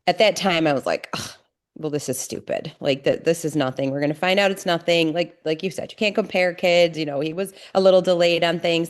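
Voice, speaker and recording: Speaking as a guest on a podcast, a middle-aged woman opens up about her family history. Her delivery is sincere and hesitant, full of restarts, and her voice is deep and a little mellow.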